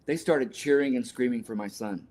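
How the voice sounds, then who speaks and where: A man's voice: medium pitch, moderate pace, a little mellow, slight background noise. Earnest storytelling man, emotional. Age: older. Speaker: guest, sports scientist and author. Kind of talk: storytelling in a podcast interview.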